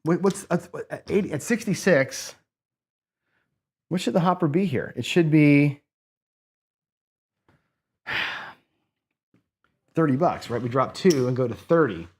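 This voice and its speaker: With a fairly high voice, lively intonation, a measured pace and long pauses, this man sounds darkish and a bit breathy. He hosts a casino craps video, thinking aloud through bet math, correcting himself, and chatting casually with viewers about the gambling.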